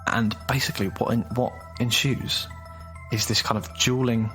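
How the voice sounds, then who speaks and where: A man narrating an improvised sci-fi scene with vivid, building description. His voice sits mid-pitched, with music clearly playing behind. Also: level tone, normal speed, fairly bright tone. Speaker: podcast guest. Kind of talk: narrating an improv role-play.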